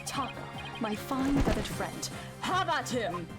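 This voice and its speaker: A woman voicing a brooding, menacing samurai prosecutor in a video game, with a stern, archaic, drawn-out delivery. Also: a little high, very animated. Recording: loud game music underneath.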